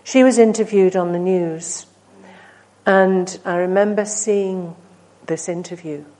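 A woman preaching a sermon, earnest and storytelling, swinging from emphatic peaks to hushed, near-whispered asides. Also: mid-range voice, steady tone, slow pace, rough recording. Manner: earnest, rising to emphatic then dropping to hushed.

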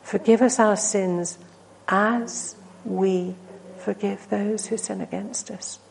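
A woman preaching a sermon, earnest and storytelling, swinging from emphatic peaks to hushed, near-whispered asides. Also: mid-range voice, fairly even intonation, slow pace, vocal fry, a little hiss or hum, poor audio. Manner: earnest, rising to emphatic then dropping to hushed.

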